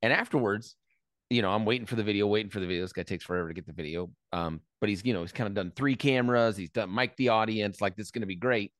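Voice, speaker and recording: A man's voice: lowish voice, fast talker, no echo, studio quality. A man hosting an interview, telling his own story in a rambling casual way with restarts. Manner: rambling, restarts, swears when worked up. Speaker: interviewer, host. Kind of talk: casual chat and anecdote.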